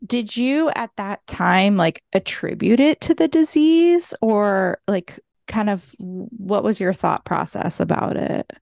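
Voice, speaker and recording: A woman's voice: medium pitch, lively intonation, slow pace, creaky, hardly any pauses, a little mellow, dry recording, clean studio sound. A woman hosting a podcast interview, asking the guest open, empathetic questions. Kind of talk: conversational interview.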